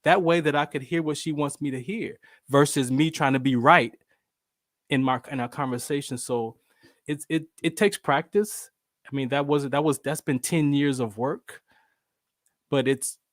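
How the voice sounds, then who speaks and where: A man telling stories in a casual interview, lively and acting out the voices of the people he quotes. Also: on the high side, dry recording, clean studio sound. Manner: animated, acts out quoted voices. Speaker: show host, veteran.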